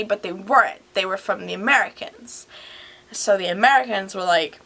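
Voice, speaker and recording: A drunk young woman, filmed on a handheld camera at home, retells a history story in a loose, rambling way, giggling and swearing with slurred asides. Her medium-pitched voice is bright and forceful, at a moderate pace.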